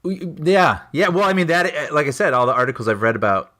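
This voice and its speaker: Male podcast co-host, lively pitch, animated anecdote teller, quick laughs. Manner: animated storyteller, laughs often. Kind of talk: casual chat, anecdote telling.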